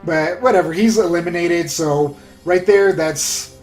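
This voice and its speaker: A man casually recapping an anime episode in a rambling, excitable way, full of fillers. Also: on the high side, a little slow. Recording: roomy echo with faint music.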